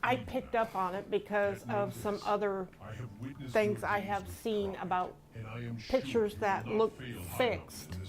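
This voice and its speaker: A woman's voice: mid-range voice, fairly even intonation, takes it slowly. A woman interviewee answering hesitantly and unsure of herself.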